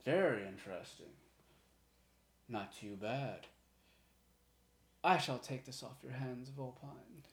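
A man's voice: mid-range voice, animated, slow pace, long pauses. A man voicing a cruel, fussy old male lord who collects treasures, heard in a roomy space. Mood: haughty. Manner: fussy and cold. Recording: roomy echo.

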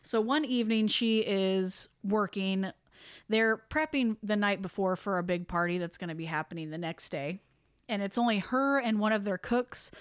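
A woman's voice: mid-range voice, clean tone, dry recording, clean studio sound. A woman hosting a podcast, chatting casually as she retells a ghost story, often laughing. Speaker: podcast host.

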